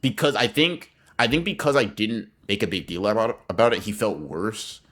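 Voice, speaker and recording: A young man co-hosting a podcast, telling an animated, profane story in casual slang. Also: fairly low pitch, moderate pace. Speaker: podcast co-host.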